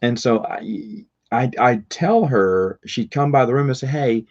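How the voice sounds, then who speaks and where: A man's voice: mid-range voice, unhurried, a little mellow. Rambling man, lo-fi sound. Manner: rambling with restarts and chuckles. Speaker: vlogger telling stories. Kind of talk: casual storytelling. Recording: dull lo-fi recording.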